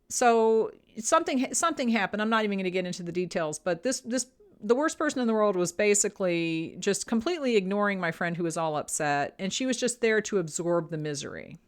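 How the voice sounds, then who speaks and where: A woman talks plainly and bluntly, handing out business advice in a relaxed, chatty way. Her voice is smooth and clear, at an ordinary middle pitch. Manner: frank, conversational, blunt advice. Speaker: small business podcast host. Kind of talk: casual advice talk with storytelling.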